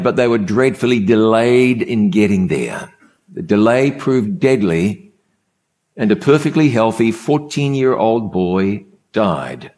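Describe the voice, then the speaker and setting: A man's voice: medium pitch, a little mellow. A man preaching a sermon, telling a story in an emphatic way and repeating key phrases for effect.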